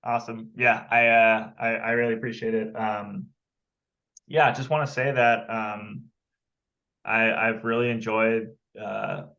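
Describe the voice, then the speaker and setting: A man appearing as a podcast guest, speaking in a modest, halting way with many fillers. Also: on the low side, flat delivery, sharp tone, lo-fi sound. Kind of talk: casual interview chat.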